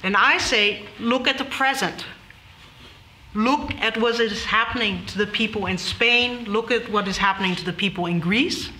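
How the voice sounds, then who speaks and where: A woman's voice: mid-range voice, normal speed, sharp tone. A woman moderating a panel debate, firmly steering the discussion back on track. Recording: echoey hall with faint noise.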